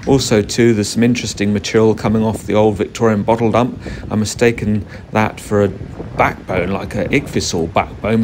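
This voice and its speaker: A man giving a relaxed, explanatory walking commentary while fossil hunting outdoors on a beach. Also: on the low side. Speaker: fossil hunter vlogger. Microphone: camera mic, wind noise. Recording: wind noise on an outdoor mic.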